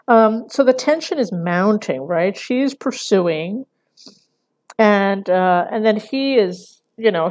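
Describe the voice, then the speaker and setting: A woman's voice: mid-range voice, a little mellow. A woman giving a conversational screenwriting lecture, often checking in with her listeners by asking "right?". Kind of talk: recorded lecture.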